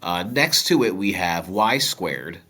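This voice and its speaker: Male math teacher, low nasal stuffy voice, lively bright delivery, joking asides. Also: takes it slowly. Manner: relaxed, joking asides to viewers. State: stuffy with a cold. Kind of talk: step-by-step math lesson.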